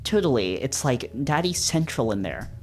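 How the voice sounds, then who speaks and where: A man's voice: medium pitch, sing-song, moderate pace, darkish tone, soft background music. A man voicing a tipsy, flirty male collie. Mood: giddy.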